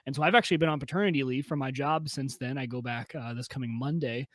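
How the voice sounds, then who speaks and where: A man's voice: medium pitch, quick pace, fairly bright tone, no room sound, studio quality. A young man co-hosting a podcast, chatting in an upbeat, joking way. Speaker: podcast co-host. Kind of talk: casual podcast chat.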